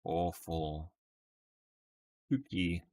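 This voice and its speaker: A man's voice: low voice, drawn-out words, darkish tone. An Australian man in casual live-stream chat, playfully musing through guesses and laughing often with his viewers. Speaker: streamer solving word puzzles live.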